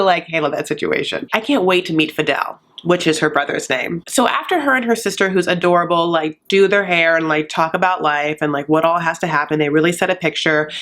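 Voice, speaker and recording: A woman's voice: fairly low pitch, fairly bright tone. A woman hosting a casual comedic recap, sassy and gushing, full of filler "like". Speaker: host of a reality-show recap channel.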